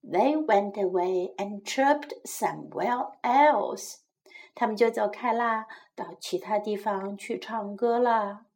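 A woman reading a children's story aloud and translating it line by line, then teaching it like a gentle, clear teacher. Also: mid-range voice, slow. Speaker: bilingual storyteller and English teacher.

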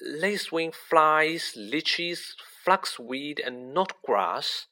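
A man reading a story aloud, putting on the voice of a clever, bossy young schoolgirl who talks shrilly and excitedly. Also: on the high side, unhurried, pitched above the performer's own voice, full character voice. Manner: breathless, excited.

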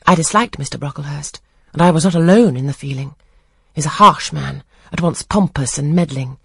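A reader voicing a composed, frank young woman in an audiobook of a classic novel, answering in calm, measured sentences. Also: medium pitch, creaky, slightly rough, no echo, heavily acted.

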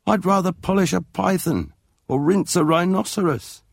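A man's voice: high voice, normal speed, vocal fry, no echo, clean studio sound, voice pushed up. A man reading a storybook, voicing a flustered mother who exclaims dramatically. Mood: exasperated.

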